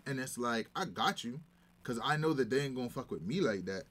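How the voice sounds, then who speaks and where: A man chatting casually as a guest, telling stories in an animated, emphatic way. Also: medium pitch, normal speed. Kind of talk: casual chat.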